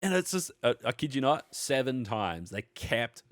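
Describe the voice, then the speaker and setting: An Australian man co-hosting a podcast, rambling through an animated gaming story and swearing freely in casual chat. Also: mid-range voice, moderate pace, no echo. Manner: rambling anecdote, heavy swearing, animated retelling. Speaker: podcast co-host.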